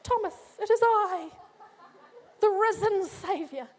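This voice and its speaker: Brief: an exasperated, scolding savior, as a woman preacher puts him on, loud and high, half-joking. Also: takes it slowly. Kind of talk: sermon role-play.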